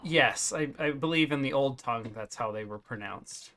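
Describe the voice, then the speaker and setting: A man's voice: mid-range voice, normal speed, a bit bright, natural voice. A man voicing a flustered middle-aged woman florist, stammering and apologetic. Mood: fretful.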